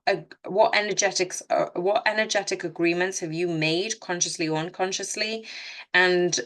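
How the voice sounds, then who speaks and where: Her voice is lowish and fairly bright as she gives a casual tarot reading without a script. She speaks to listeners in an earnest, direct way, with many restarts and self-corrections.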